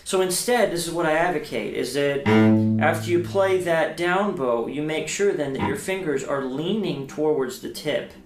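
A man's voice: on the high side, moderate pace, soft background music. A man giving a casual cello lesson on video, thinking aloud and explaining step by step with frequent ums and restarts. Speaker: cello teacher. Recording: echoey room.

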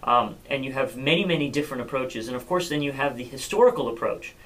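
A man's voice: medium pitch, expressive, fast talker, a bit bright, low-quality recording. A man giving an unscripted cello lesson, thinking aloud with many fillers and restarts. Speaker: cello teacher. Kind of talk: instructional talk.

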